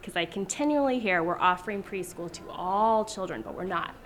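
A woman's voice: mid-range voice, expressive, a little fast, a little hiss or hum. A woman speaking emphatically in an interview, pressing her point. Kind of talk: interview answers.

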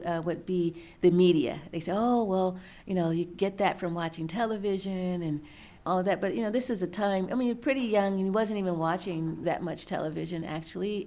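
A middle-aged woman, an author and researcher, answering interview questions in a thoughtful, measured storytelling manner. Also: fairly low pitch, warm tone.

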